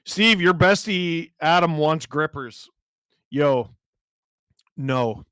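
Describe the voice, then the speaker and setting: A man with a somewhat high, hoarse voice, roughened by a cold, hosts a live watch-along of a hockey game. He narrates the play rapidly and reads chat messages, now and then shouting with excitement, in a dry recording.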